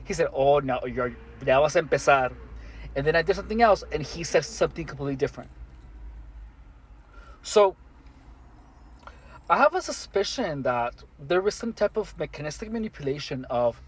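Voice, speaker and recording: A man speaking alone to the camera in an earnest, matter-of-fact monologue, halting with many restarts and fillers. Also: on the high side, animated, husky. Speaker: vlogger. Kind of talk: first-person monologue to camera.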